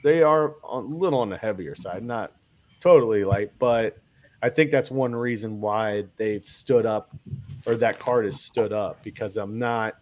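A man's voice: on the low side, measured pace, darkish tone. Rambling man with a cold. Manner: rambling, many fillers and restarts. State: has a cold. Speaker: kayak angler guest. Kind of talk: casual chat.

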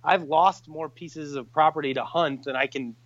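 A man casually telling a hunting story on a podcast, animated and swearing freely as he acts out his friends' lines. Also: fairly high pitch, moderate pace, lo-fi sound. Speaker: guest hunter telling a story.

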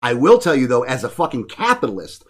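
A man's voice: medium pitch, fast talker. A man hosting a casual political podcast, talking bluntly and swearing freely as he rants. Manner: blunt, profane, animated ranting. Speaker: podcast host.

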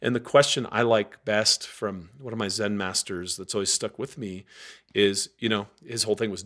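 A man, a guest author, talking casually in an interview and acting out quoted voices with lively energy. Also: fairly low pitch, moderate pace. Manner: animated, acts out quoted voices.

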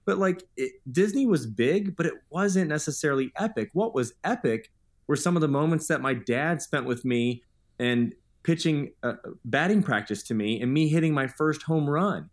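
A man's voice: on the high side, lively intonation, moderate pace. A man in his thirties, a guest author telling stories in an earnest, upbeat way in a podcast interview.

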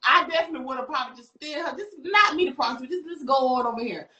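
A woman's voice: sits high, very fast, roomy sound, dull audio. A woman, chatting casually as co-host and laughing often. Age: 30s. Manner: animated, laughs often, southern slang. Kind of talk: casual group chat.

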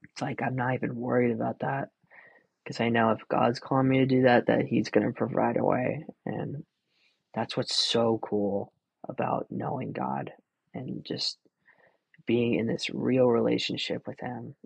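A young man in his twenties talking through a personal faith story at an unhurried pace. His voice is gravelly and husky, and the sound is dry and close. He talks earnestly and rambles, with lots of fillers. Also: medium pitch, fairly even intonation, dry recording, low-quality recording. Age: 20s. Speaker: podcast host. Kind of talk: casual personal faith testimony.

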